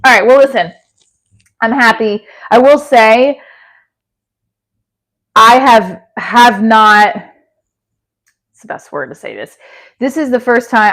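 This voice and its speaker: A woman's voice: fairly high pitch, lively intonation, measured pace, long pauses, fairly bright tone. A chatty woman hosts a casual livestream, reading comments aloud and replying off the cuff. Her talk rambles, full of restarts and self-deprecating asides. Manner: chatty, self-deprecating, answers chat mid-sentence with restarts. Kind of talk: rambling casual live chat.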